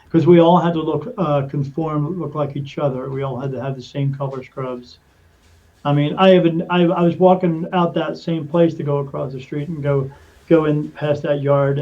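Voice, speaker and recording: A man, a podcast guest, telling a story in casual conversation, animated, acting out quoted dialogue and often restarting his sentences. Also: on the high side, highs cut off.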